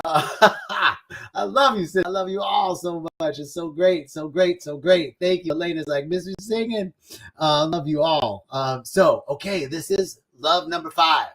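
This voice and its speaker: A man hosting a live online talk on love, drifting between sung snatches of a love song and easy chat with viewers he greets by name. His voice sits a little on the high side, and he moves between slow, stretched phrases and quick bursts. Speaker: host of a live spiritual talk. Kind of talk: warm-up singing then casual spiritual talk. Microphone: livestream setup.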